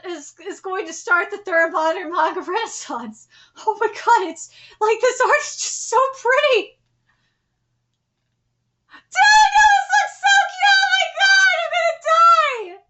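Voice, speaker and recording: A woman streamer reacting live to a comic, bursting into excited, shrieking exclamations. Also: very high-pitched.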